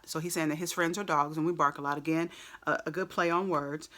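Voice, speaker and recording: Chatty woman explaining lyrics, bright voice. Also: deep voice, fairly quick. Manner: chatty, explanatory, frequent fillers. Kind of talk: casual explanation of song lyrics.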